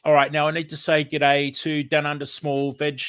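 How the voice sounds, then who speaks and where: An Australian man with a slightly higher-than-usual voice, talking in a loose, rambling livestream chat full of ums and fillers. He sounds a little sniffly, as if from hay fever. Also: monotone, normal speed, fairly bright tone, smooth. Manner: rambling and friendly, many ums. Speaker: livestream host.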